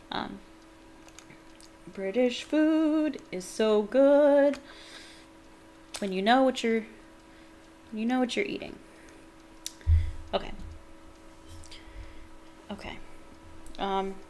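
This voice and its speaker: A woman's voice: medium pitch, a little mellow, slight background noise. A woman streamer giving chatty, enthusiastic commentary while playing a game, with rambling asides. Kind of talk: casual gameplay commentary.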